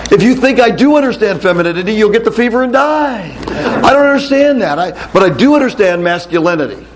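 A middle-aged male pastor giving a lively talk to a room of men, telling stories and putting questions to the crowd. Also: high-pitched, quick pace, noisy background. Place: hall with a live audience.

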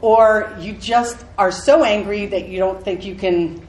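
A woman's voice: medium pitch, unhurried, darkish tone. A woman co-hosting a casual marriage-advice chat, candid and teasing. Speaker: podcast co-host. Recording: echoey room with faint noise.

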